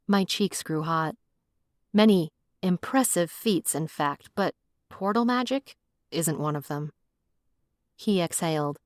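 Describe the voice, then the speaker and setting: A woman's voice: lowish voice, unhurried, no echo, studio quality. Wry woman narrating an audiobook. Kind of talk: scripted first-person audiobook narration.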